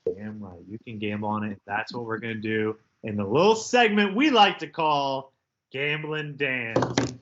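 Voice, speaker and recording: A man's voice: on the low side, moderate pace, few pauses, highs cut off, a little hiss or hum. A man co-hosting a podcast, chatting casually and animatedly about betting picks. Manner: animated, mimics people in loud outbursts. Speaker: podcast co-host. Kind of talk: casual sports betting chat.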